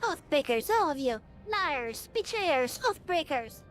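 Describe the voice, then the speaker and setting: A woman's voice: high-pitched, very animated, a little slow. A woman voicing a furious old male kobold patriarch in a video game cutscene, accusing and spitting out insults. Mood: bitter. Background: faint music score.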